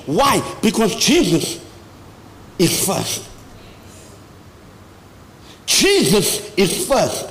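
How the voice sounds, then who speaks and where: A man preaching a sermon as an apostle, with sudden loud high bursts and slow emphatic phrases. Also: wildly swooping pitch. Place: large church hall. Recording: long hall reverb, faint noise.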